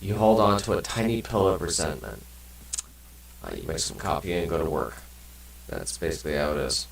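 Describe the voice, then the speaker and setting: A man's voice: very deep voice, sing-song, fairly quick, vocal fry, echoey room, recorded from a distance, slight background noise, low-quality recording. A man casually commenting on a game and reading its text aloud, rambling and swearing now and then. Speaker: let's play gamer.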